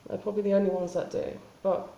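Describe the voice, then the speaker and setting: A woman talking in a spontaneous confessional vlog, halting and rambling with many restarts and fillers. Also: mid-range voice, fairly even intonation, vocal fry, dark tone, reverberant, dull audio. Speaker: vlogger.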